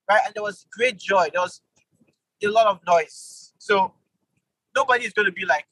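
A man teaching an online Bible study, animated, with sudden jumps in pitch for emphasis and quick apologetic asides. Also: slightly rough, dry recording, poor audio.

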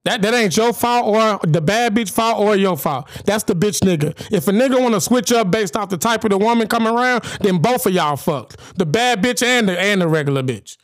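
A man co-hosts a podcast in loud, profane casual banter. His voice sits very high and sounds dry and close. He rants fast and cuts across the others. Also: expressive, no echo. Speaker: podcast co-host.

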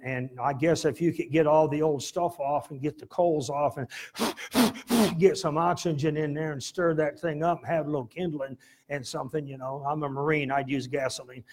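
A middle-aged pastor telling a folksy, laughing story in a sermon, with sudden loud bursts. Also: male voice, a little high.

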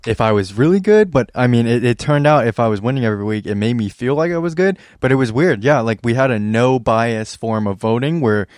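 A man's voice: mid-range voice, lively intonation, fairly quick, few pauses, darkish tone, no echo, studio quality. A young man co-hosting a podcast, talking in a laid-back way and laughing often. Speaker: podcast co-host. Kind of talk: casual chat.

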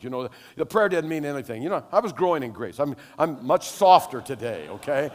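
A man's voice: a little high, fast, few pauses. Older male pastor preaching in a reverberant hall. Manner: animated storytelling, rising to loud exclamations. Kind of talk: sermon with personal stories.

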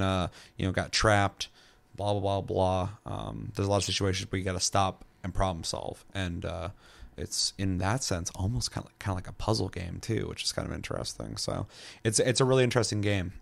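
A man's voice: low-pitched, vocal fry. A man co-hosting a podcast, chatting casually about a game, rambling with many fillers and frequent swearing. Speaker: podcast co-host. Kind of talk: casual chat.

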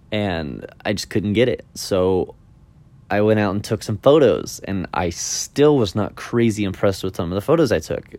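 A man's voice: fairly low pitch, darkish tone. A man talking casually on his own podcast, rambling and tired, yawning now and then. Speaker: magician podcaster. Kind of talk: casual solo podcast talk.

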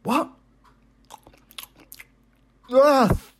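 A woman playing an exasperated farm owner who scolds a cow with slow, drawn-out lines. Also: sits high, slight background noise. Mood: scolding.

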